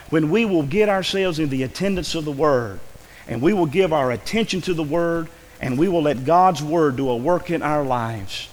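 A man's voice: fairly high pitch, big-room sound, poor audio. A man preaching a sermon in a church, earnest and pleading, his voice rising with emotion. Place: church sanctuary.

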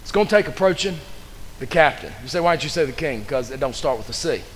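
A man's voice: fairly high pitch, expressive, fast, long reverb tail, slight background noise. A man preaching a fervent sermon as pastor, pressing the congregation with repeated questions. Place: church sanctuary.

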